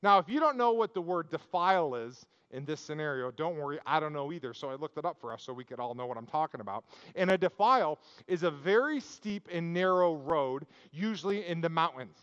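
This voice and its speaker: A man's voice: on the high side, animated, fairly quick, a bit bright, clean tone, long reverb tail, lo-fi sound. A man preaching a sermon as pastor, telling stories casually with jokes and asides. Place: church sanctuary.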